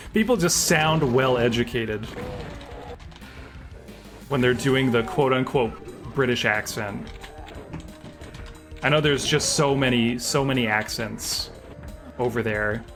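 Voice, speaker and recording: A man's voice: mid-range voice, takes it slowly, pauses often. A man streaming a game live, chatting casually and self-deprecatingly while reacting aloud to the action and answering chat. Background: game music.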